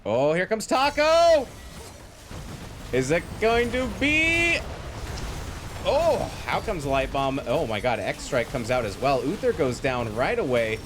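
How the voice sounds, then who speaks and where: A man casting a live esports match, excitable and jokey, quick to laugh and riff on the action. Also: fairly high pitch, background noise. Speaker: esports play-by-play caster. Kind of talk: lively live game commentary.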